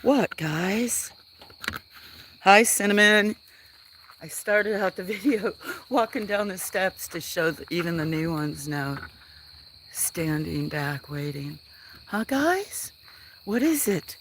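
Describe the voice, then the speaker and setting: Slow-talking woman cooing to farm cats. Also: lowish voice, a bit bright, slight background noise. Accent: Southern US. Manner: coos and baby-talks to cats, chatty asides to viewers. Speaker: farm livestreamer. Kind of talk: casual live chat with cats and viewers. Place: outdoors on a rural farm at dusk. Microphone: handheld phone while walking.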